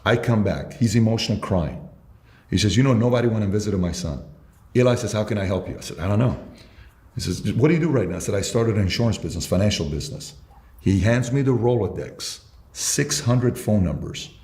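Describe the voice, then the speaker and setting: Low-voiced man telling a sales story. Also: lively intonation, moderate pace, darkish tone, roomy sound. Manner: emphatic storyteller, quotes himself in dialogue. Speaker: sales mentor guest. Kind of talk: storytelling in conversation.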